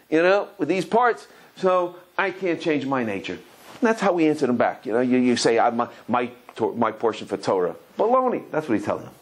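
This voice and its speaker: A man, a rabbi, giving a Torah lecture, telling stories animatedly, often repeating and restarting words, and acting out quotes with sudden high cries. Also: poor audio. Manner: animated storytelling, acts out quotes with high exclamations.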